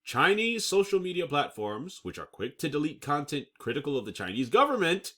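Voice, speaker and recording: A man on his own channel reads out news and reacts emphatically, often asking "okay?" and laughing when he stumbles over words. His voice is fairly high with big pitch swings, bright and forceful, and a little fast.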